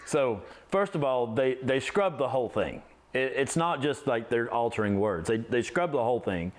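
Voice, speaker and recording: A man, the guest in a casual in-person interview, who explains things haltingly and often repeats his words. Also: medium pitch, lively intonation.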